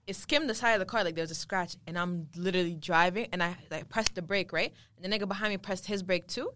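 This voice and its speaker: A young woman telling a story in a casual group chat, rapid and profane. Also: on the low side, background noise.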